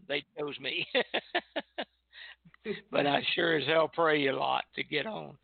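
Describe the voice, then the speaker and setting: An older man with a heavily gravelly, slightly high voice spins an easygoing pilot anecdote. He chuckles between lines, and he comes through a tinny, dry phone line. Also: takes it slowly, no echo. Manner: relaxed anecdotal storytelling, chuckling. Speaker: retired airline pilot. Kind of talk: casual reminiscing on a call-in show.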